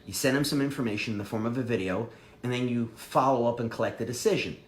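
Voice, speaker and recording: A man's voice: medium pitch, quick pace. A man giving a sales training talk, coaching energetically and acting out sample phone calls. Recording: echoey room with faint ambient noise.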